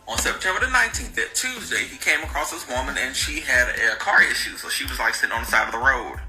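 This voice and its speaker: A man's voice: mid-range voice, expressive, fast talker, pushed and bright, faint music behind, poor audio. A man casually recounting a true crime story to his viewers, slangy and sarcastic in his asides.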